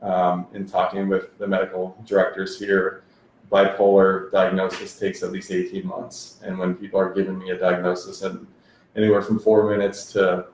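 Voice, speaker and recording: A man's voice: deep voice, completely flat delivery, normal speed, darkish tone. A man telling his story as an interview guest, laid-back and full of fillers. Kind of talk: conversational testimony. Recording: very echoey room with faint background noise.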